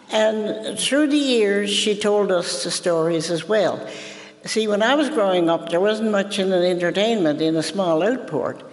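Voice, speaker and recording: Older Newfoundland woman telling tales in a hall. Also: on the low side. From Newfoundland, Canada. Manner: homely, unhurried telling with fillers. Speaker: storyteller. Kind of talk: oral folk storytelling to a live audience. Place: university conference hall. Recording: archival recording in a reverberant hall.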